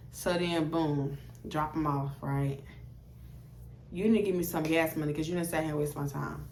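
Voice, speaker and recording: A woman's voice: deep voice, moderate pace, reverberant, a little hiss or hum. A young woman, telling a blunt, profane story to camera and acting out both sides of the dialogue. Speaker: storytime vlogger.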